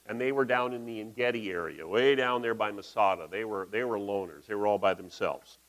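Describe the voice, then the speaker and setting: A man's voice: fairly low pitch, a little fast, a bit bright, poor audio. A man giving a conversational, folksy sermon in a church, talking through slides with asides. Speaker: pastor.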